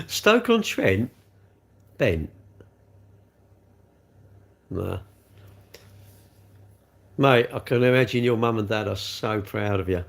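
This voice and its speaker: Gravelly, rambling man chatting to viewers. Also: lowish voice, takes it slowly, long pauses. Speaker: livestream host. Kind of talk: casual livestream chat reading viewer comments.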